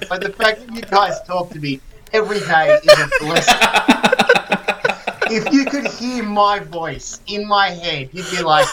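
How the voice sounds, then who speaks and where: A man's voice: high-pitched, expressive, a little slow, very noisy. A man with a nasal voice, joking and self-mocking as a podcast co-host in casual chat.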